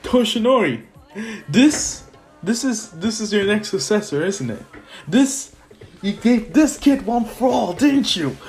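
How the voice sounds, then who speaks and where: A man's voice: fairly high pitch, very animated, drawn-out words, vocal fry, faint music behind, heavily acted. A young man voicing a sly, gloating male supervillain with a taunting, chuckling manner.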